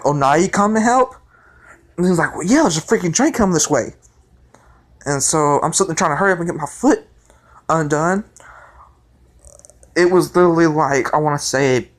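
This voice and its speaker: A young man tells a personal story on his vlog, his voice sitting a little high for a man. He rambles and gets excited, restarting his sentences as he goes. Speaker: vlogger. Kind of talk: casual storytelling.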